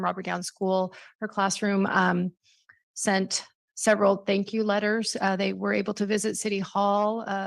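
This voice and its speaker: A woman's voice: medium pitch, gravelly, no echo. A woman council member giving polite, formal remarks at a meeting in a council chamber.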